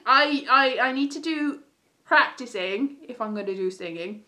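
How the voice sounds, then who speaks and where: Young British woman, slightly high, rambly and self-deprecating live-stream chatter. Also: moderate pace, sharp tone. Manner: rambling, self-mocking, trails off and restarts. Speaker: vlogger. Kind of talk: casual live-stream chat.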